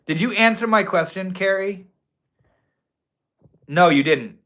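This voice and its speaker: Loose, profane livestream host. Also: male voice, sits high, expressive, takes it slowly, fairly bright tone. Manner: loose, profane, says bro and dude, preachy bursts. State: tipsy. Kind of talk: casual livestream chat reading comments. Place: indoors at home.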